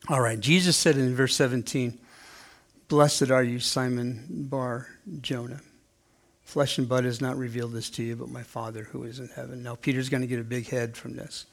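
A man in his sixties delivers a sermon with a gravelly, slightly rough voice at an ordinary middle pitch. He talks casually with his congregation and slips into playful voices when he acts out the quotes. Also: level tone, normal speed. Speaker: pastor.

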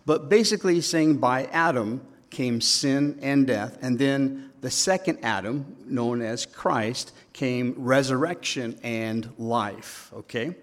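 A man delivers a sermon at an unhurried pace, mid-pitched and conversational. He jokes with his listeners and checks in with quick tag questions. His voice carries a long reverb from the church hall around him. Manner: chatty, joking, leans on tag questions. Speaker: pastor. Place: church sanctuary.

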